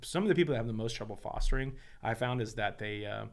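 A man's voice: medium pitch, fast. A pastor and foster father in casual podcast conversation, telling stories animatedly and acting out what people said. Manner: animated storyteller, acts out quoted dialogue.

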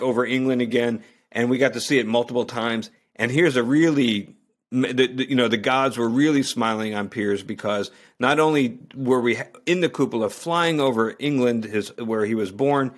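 A man telling a story as a guest in a relaxed conversation, chatty, with frequent restarts and fillers. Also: mid-range voice, moderate pace. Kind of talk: casual storytelling.

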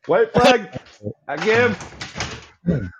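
A man calling in to a podcast over Bluetooth headphones, talking loud, joking and swearing freely. His voice sits high and jumps around a lot, and the call audio comes through muffled and dull. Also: very animated, extremely slow, slight background noise. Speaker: podcast co-host. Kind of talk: casual chat.

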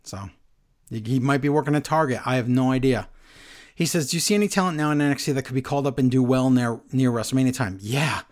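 A man's voice: medium pitch, fast, darkish tone. A man co-hosting a casual wrestling podcast, chatting and reading listener emails aloud. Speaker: podcast co-host. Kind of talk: casual chat.

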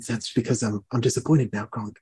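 A man voicing a male champion of a death god in a slow, quiet, threatening put-on accent. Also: medium pitch, fairly even intonation, husky, voice pushed down. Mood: menacing.

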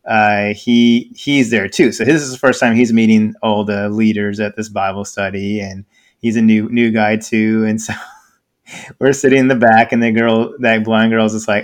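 A man telling an embarrassing story in casual podcast chat, animated and laughing often, with frequent restarts. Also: lowish voice, moderate pace. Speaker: podcast co-host.

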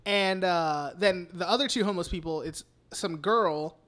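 Bright, high-voiced young podcast host. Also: male voice, moderate pace. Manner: rambling, profane, heavy use of "like". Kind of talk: casual chat recapping a film.

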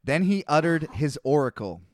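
A man's voice: on the high side, sing-song, normal speed, dry recording, clean studio sound. A man co-hosting a casual podcast, reading Bible passages aloud and bluntly arguing and mocking them. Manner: blunt, reads scripture aloud with mocking asides.

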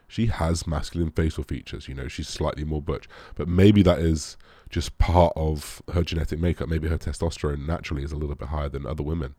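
A man's voice: extremely low pitch, steady tone, fairly quick, hardly any pauses, dark tone, husky, no echo. A young man, a bodybuilder, answering viewer questions in a rambling casual chat, full of fillers and the odd swear.

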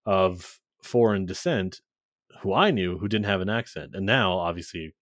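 A man's voice: sits low, lively intonation, normal speed, a bit bright, no echo, studio quality. A man from Canada, guest on a podcast, chatting casually and laughing easily.

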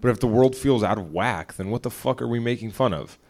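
A man's voice: medium pitch, a little fast, darkish tone. A young man co-hosting a podcast, talking casually and rambling, swearing often as he retells a spat at home. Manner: rambling, profane, retells arguments with quoted voices. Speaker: podcast co-host. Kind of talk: casual chat.

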